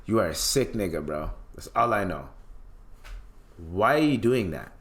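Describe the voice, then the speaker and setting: Male podcast host, lowish voice, blunt and mocking, swears freely through a casual rant. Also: animated, a little slow, a bit bright, slight background noise. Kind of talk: ranting casual commentary.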